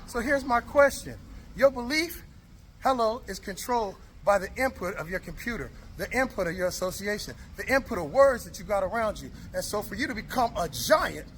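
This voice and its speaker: A man's voice: high voice, animated, a little fast, fairly bright tone, a little hiss or hum. A man giving a motivational talk to camera outdoors, preachy and repetitive, driving each point home with rallying questions. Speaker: motivational speaker. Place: outdoors in the rain.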